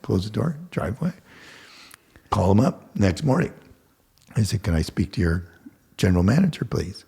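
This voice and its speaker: A man's voice: low-pitched, big pitch swings, unhurried, gravelly, pauses often, dark tone, slightly rough. An older man, a guest telling stories casually and acting out the dialogue, swearing freely. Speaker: guest contractor. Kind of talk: casual storytelling.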